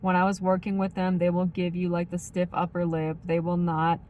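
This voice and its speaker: A woman's voice: fairly low pitch, monotone, a little fast, a little mellow, highs cut off, a little hiss or hum. Rambling woman with faint Midwestern accent. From United States. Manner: rambling, heavy use of like and um. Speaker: vlogger. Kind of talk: casual chat.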